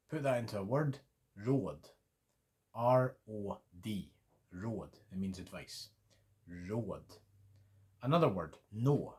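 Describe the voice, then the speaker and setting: A man's voice: on the low side, darkish tone. A man whose first language is English teaching Swedish vowels, spelling out letters and patiently repeating sounds. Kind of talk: slow, deliberate pronunciation lesson.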